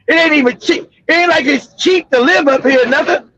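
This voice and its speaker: Man, very high voice, loud profane storyteller, muffled audio. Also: moderate pace. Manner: loud, laughing, swearing storyteller. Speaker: livestream host. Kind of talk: casual profane commentary.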